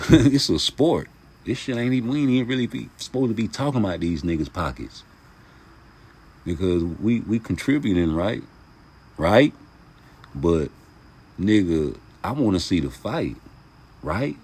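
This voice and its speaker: A man hosting a casual boxing vlog, talking passionately in heavy street slang and profanity, jumping from loud outbursts to mumbled asides. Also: on the low side, expressive, a little slow, long pauses, slightly rough. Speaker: YouTube boxing commentator.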